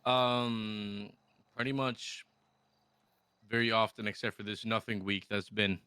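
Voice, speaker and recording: Bright-voiced man in joking banter. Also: on the low side, little pitch movement, unhurried, clean tone, dry recording. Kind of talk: casual in-character chat.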